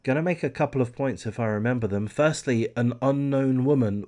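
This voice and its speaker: A man reads a true crime article aloud, stopping often to add his own blunt opinions. He talks casually, curses freely and drifts into rants. His voice sits at an ordinary middle pitch. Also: brisk, hardly any pauses, darkish tone. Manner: candid, swears freely, slips into ranting asides. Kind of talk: reading a news article aloud with casual commentary.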